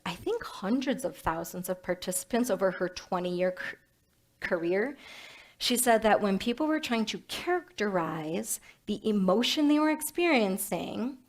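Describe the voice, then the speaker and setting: A woman minister giving a sermon in a playful, animated way, with self-mocking humor. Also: medium pitch.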